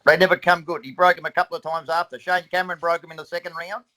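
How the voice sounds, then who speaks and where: High-voiced man, quick to jump in. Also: flat delivery, pushed and bright. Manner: jumps in, cuts across others. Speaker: guest, boxing trainer. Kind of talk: casual chat.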